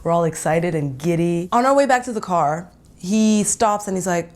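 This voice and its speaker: A woman's voice: lowish voice, moderate pace. Giggly young woman telling a story. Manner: animated and giggly, laughing often. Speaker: podcast host. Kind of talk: first-person storytelling.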